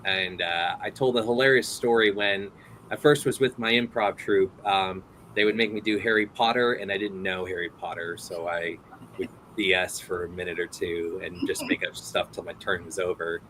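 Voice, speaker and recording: A man's voice: deep voice, steady tone, normal speed, fairly bright tone, a little hiss or hum, poor audio. A man hosting a casual interview, telling rambling stories full of fillers and laughs. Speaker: host.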